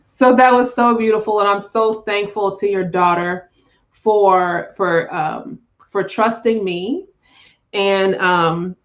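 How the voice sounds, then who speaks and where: Slow, gushing woman tarot reader. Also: medium pitch, highs cut off. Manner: effusive, emotional, spiritual, with frequent laughs and sighs. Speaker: tarot reader hosting a live chat. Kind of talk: live-stream tarot reading.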